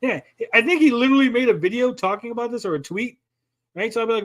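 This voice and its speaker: A man's voice: extremely high pitch, animated, fast talker, fairly bright tone. A male podcast host in casual livestream chat, profane and mocking as he rants.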